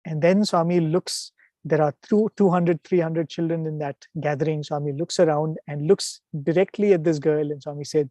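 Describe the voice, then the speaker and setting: Guy giving a devotional talk, warm mellow voice, dry close sound, animated storytelling, keeps saying "right?". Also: fairly high pitch, normal speed, dry recording. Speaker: guest speaker.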